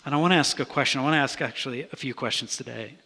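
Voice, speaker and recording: A man's voice: medium pitch, very fast, sharp tone, breathy edge. A man preaching a sermon as pastor, talking in an earnest, conversational way with frequent restarts. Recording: long reverb of a large hall.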